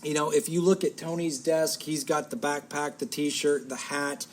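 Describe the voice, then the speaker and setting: Man, co-host, casual chat, rambling, self-correcting, slightly high pitch. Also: flat delivery, moderate pace, a little hiss or hum. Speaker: podcast co-host.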